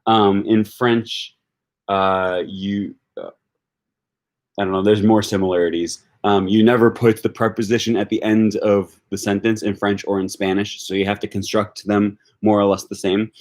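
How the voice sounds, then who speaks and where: A man with a fairly low voice chats loosely on a livestream, thinking out loud as he goes. He fills his pauses with ums and uhs and turns to answer questions from viewers. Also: level tone. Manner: thinks aloud with many fillers, answers viewer comments. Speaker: language-learning YouTuber hosting a live discussion. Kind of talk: casual livestream chat.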